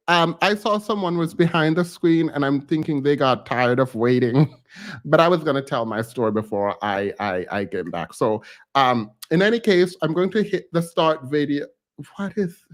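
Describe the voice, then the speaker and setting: A man hosting a live stream who tells a personal story in a rambling, animated way, full of filler words and frequent laughs. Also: a little high, normal speed. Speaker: host of a live reaction stream. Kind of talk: casual storytelling chat.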